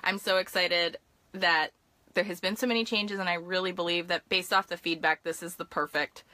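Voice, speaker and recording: A young woman coach on a live stream, excited and fast-talking, with lots of fillers and quick asides to her viewers. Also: on the low side, dry recording. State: hyped up. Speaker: life and business coach.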